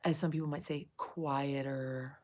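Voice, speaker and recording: A woman's voice: a bass voice, steady tone, a little slow, darkish tone. A woman streaming live, chatting casually with viewers, swearing freely and soothing them by turns. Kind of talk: casual livestream chat.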